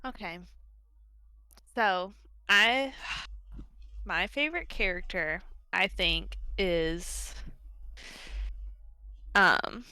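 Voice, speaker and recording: A woman's voice: medium pitch, extremely slow, long pauses, sharp tone, clean tone, no room sound. A woman chatting in a casual book club, enthusiastic and rambling, laughing easily.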